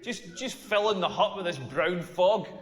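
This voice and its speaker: A Scottish man doing a crude stand-up routine, telling stories in an animated way with a lot of "like". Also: sits high, unhurried, reverberant, in a large hall. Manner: crude, animated storytelling with repeated "like". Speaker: stand-up comedian.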